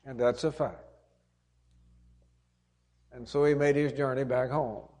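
A man's voice: medium pitch, fairly even intonation, measured pace, darkish tone. A man preaching a sermon, retelling a parable in an earnest, emphatic storytelling manner.

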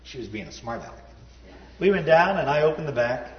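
A man telling a personal story in a sermon, folksy and self-deprecating, dropping to a low hush at the sad parts. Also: lively intonation, brisk. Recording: roomy hall reverb, dull sound.

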